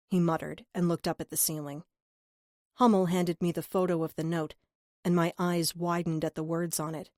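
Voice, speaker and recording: Low-voiced female audiobook narrator. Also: level tone, normal speed, darkish tone, no room sound, studio quality. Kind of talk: first-person audiobook narration.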